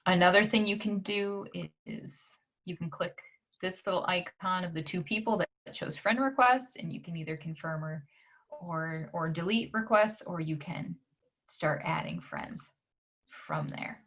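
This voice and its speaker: Library tutor, woman, lowish voice; slow screen-share walkthrough with frequent "um" pauses; slightly dull lo-fi recording. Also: a bit bright. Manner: unhurried, frequent "um" pauses while clicking.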